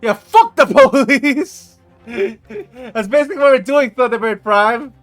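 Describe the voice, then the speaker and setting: A man commentating on a game during a live stream, excitable and swearing freely. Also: very high-pitched, measured pace, soft background music. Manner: excitable and profane. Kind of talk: casual live gameplay commentary.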